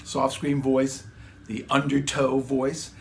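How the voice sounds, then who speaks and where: With a slow, monotone, medium-pitched voice and some creak, this songwriter-guitarist casually walks through how he tracked his vocals at home, rambling and saying "man" and "dude." There is slight background noise.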